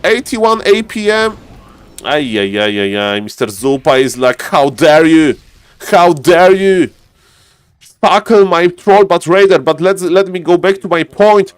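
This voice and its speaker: A man casting a strategy game live, animated and laughing, breaking into high yelps. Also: moderate pace, clean tone, dry recording. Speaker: game caster. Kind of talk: excited live game commentary.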